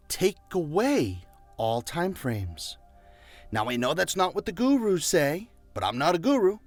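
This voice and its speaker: A man with a slightly high, very animated voice delivers an emphatic, repetitive motivational talk. He leads the listener through call-and-response phrases. The sound is dry, with soft music underneath. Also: no room sound. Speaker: motivational speaker.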